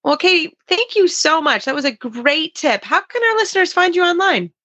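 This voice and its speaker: A woman's voice: extremely high pitch, sing-song, normal speed, bright, forceful tone, no room sound, highs cut off. A woman co-hosting a radio show, upbeat and enthusiastic. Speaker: co-host. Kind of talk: casual radio show chat.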